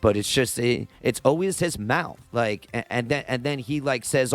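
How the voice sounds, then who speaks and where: A man's voice: mid-range voice, lively intonation, moderate pace, few pauses, dry recording. A young man giving casual, exasperated opinion commentary as a channel host, rambling and leaning hard on filler words. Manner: exasperated, rambling, heavy use of "like".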